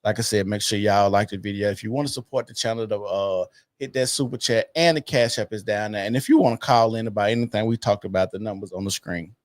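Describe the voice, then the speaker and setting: A man hosting a casual podcast, blunt and joking, throwing questions to his cohost and pitching to viewers. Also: quick pace, hardly any pauses, no echo, clean studio sound. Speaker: podcast host.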